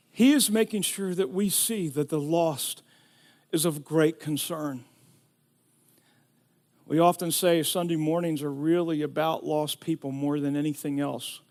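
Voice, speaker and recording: Middle-aged male pastor, a bit high-pitched, animated sermon storyteller. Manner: storytelling, rising to shouting in emotional retelling.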